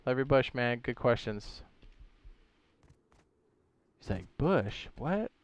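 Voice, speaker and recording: A man's voice: medium pitch, slow pace, clear, resonant tone, muffled recording. A man streaming a game live, casually walking viewers through how things work step by step and answering chat questions with playful asides. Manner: chatty, explains step by step while reading chat questions aloud; playful asides and goofy sound effects.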